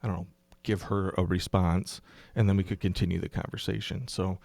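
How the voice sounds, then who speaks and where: A middle-aged man, a pastor, explaining his ideas in a relaxed podcast conversation, thinking aloud with ums and restarts. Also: deep voice, brisk, vocal fry, dry recording. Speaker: pastor and guest.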